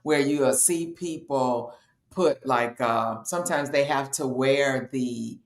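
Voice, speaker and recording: A woman's voice: very deep voice, takes it slowly, roomy sound. A woman explaining a health topic in a casual, matter-of-fact way, as host of a talk show. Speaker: health educator.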